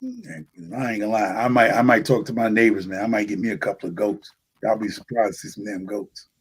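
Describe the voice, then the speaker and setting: A man's voice: on the low side, brisk, vocal fry, slightly rough. Laid-back New man chatting. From New York City. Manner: rambling, laid-back, slangy. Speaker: podcast host. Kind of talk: casual chat.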